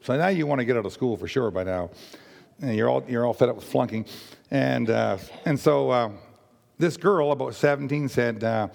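Gravelly older man in a reverberant hall. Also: mid-range voice, darkish tone. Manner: halting, earnest storytelling with many restarts. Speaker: speaker giving testimony. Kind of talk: personal testimony.

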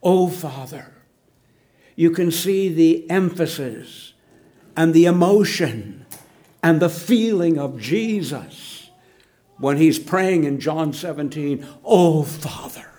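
An older man preaching a sermon, swinging from loud emphasis down to hushed, near-whispered words. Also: on the high side, expressive, takes it slowly.

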